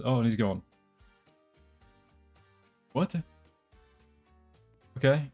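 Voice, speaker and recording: Faint music plays behind a young male streamer who jokes and rambles casually with his chat as he plays a game live. He talks fairly quickly at a medium pitch, pausing often, with a slightly mellow tone.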